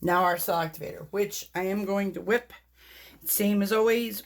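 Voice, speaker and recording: Excitable woman narrating her paint pour, slow. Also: lowish voice. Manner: excitable, talks to viewers, laughs often. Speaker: paint pouring artist. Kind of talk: casual tutorial vlog.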